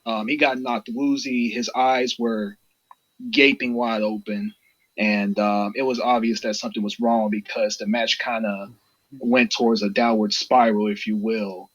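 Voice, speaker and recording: A man co-hosting a casual wrestling podcast, an excitable storyteller who swears freely and talks straight to his listeners. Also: fairly low pitch, measured pace, dull audio. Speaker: podcast co-host.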